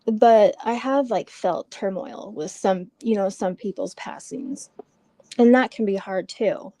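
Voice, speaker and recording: A woman speaks slowly and softly, her mellow voice halting on many fillers as she shares a personal story. Her talk is unhurried. The sound is dry and close. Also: mid-range voice, lively intonation, dry recording. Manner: soft, hesitant, full of fillers. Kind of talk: casual chat about personal loss.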